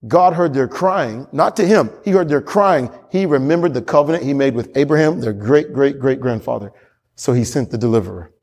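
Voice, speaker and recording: A man's voice: mid-range voice, a little fast, darkish tone. A male pastor preaching a sermon with emphatic repetition and frequent chuckles. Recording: long hall reverb.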